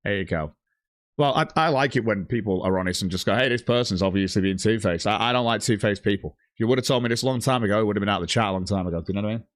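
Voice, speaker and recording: A man's voice: on the low side, very fast, dry recording, studio quality. A man ranting on a livestream, blunt and heavily profane, reading out chat messages. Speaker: streamer.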